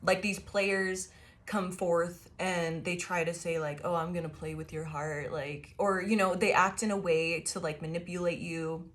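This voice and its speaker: A woman's voice: on the low side, fairly even intonation, measured pace. A woman giving a casual tarot reading to her viewers, chatty and loose, laughing often mid-sentence and swearing now and then. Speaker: tarot reader.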